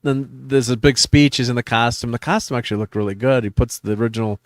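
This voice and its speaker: A man's voice: medium pitch, quick pace, no echo, clean studio sound. A man hosting a live stream, chatting casually about a show, hesitant, with many fillers, restarts and chuckles. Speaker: podcast host.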